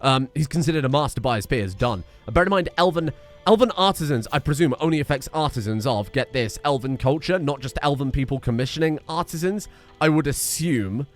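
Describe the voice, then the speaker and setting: A man giving casual commentary while playing a strategy game, rambling with wry, self-deprecating asides. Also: mid-range voice. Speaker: video game streamer. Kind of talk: casual let's-play commentary.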